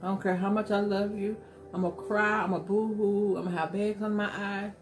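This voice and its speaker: A woman's voice: mid-range voice, little pitch movement, fairly quick. A middle-aged woman hosting an eating show at home, chatting candidly and with emphasis while she eats. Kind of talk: casual chat while eating.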